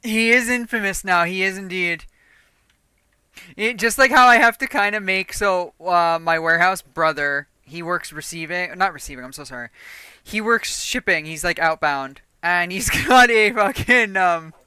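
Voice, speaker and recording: Forceful, crisp-voiced woman game streamer. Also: on the low side, moderate pace, dry recording. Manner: chatty and profane, laughs often. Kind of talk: casual gaming stream chat.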